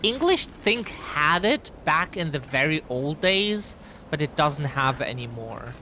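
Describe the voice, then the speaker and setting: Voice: mid-range voice, big pitch swings, slow pace, sharp tone, slight background noise. A German-accented streamer, a native German speaker, chatting and explaining things to viewers during live gameplay.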